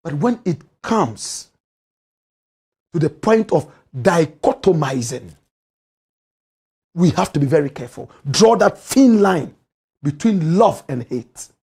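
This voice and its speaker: Ghanaian male commentator, husky, wildly swinging pitch, fiery and argumentative. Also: big pitch swings, takes it slowly, long pauses, a little mellow. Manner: heated, ranting, fires rhetorical questions. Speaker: host of a commentary show. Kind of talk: impassioned political commentary.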